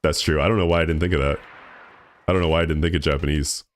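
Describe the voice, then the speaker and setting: A man's voice: very deep voice, fairly even intonation, rapid-fire. A young man streaming a game, chatting casually with his viewers in a laid-back, rambling way that stumbles and repeats words. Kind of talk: casual live-stream chat while gaming.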